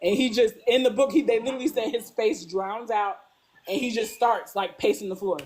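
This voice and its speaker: A woman talking casually as a guest, animated, acting out characters' lines and saying "like" constantly. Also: brisk. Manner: animated, acts out characters' lines with big pitch jumps; peppers speech with "like". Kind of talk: casual fan discussion.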